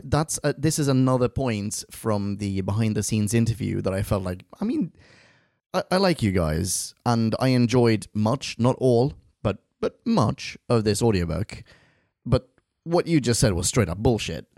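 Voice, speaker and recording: A man's voice: lowish voice, expressive, moderate pace, darkish tone, dry recording, clean studio sound. A man co-hosting a casual review podcast, rambling through anecdotes, swearing and laughing often. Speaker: podcast co-host. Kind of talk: casual chat reviewing an audio drama.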